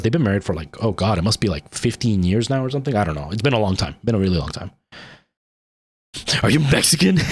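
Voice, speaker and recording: A man's voice: on the low side, husky. A man in his thirties with a Canadian accent, chatting casually and rambling to his livestream viewers, with lots of ums and restarts. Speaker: streamer.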